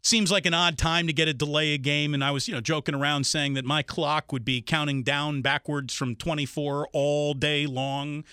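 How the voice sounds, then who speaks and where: A man's voice: fairly high pitch, steady tone, moderate pace, few pauses, sharp tone, clean tone, no room sound, clean studio sound. A man hosting a sports radio interview, chatty and teasing his guest. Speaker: radio host.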